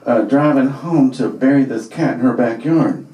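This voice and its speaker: A man's voice: medium pitch, moderate pace, dark tone. A man from Alabama, telling a comic story to a live audience in a wry, conversational way full of fillers. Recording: echoey room, voice from far off.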